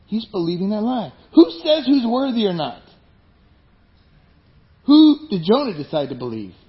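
A man's voice: sits high, big pitch swings, normal speed. A man preaching a sermon with emphasis, turning to the congregation with rhetorical questions. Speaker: pastor. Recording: dull lo-fi sound.

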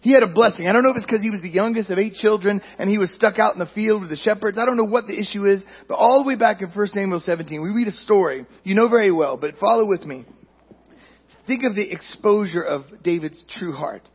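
A man preaches to his congregation in a loose, conversational sermon, often turning his points into questions for the listeners. His voice sits high and has a husky, breathy edge. The recording sounds muffled and lo-fi. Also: fast talker. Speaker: pastor.

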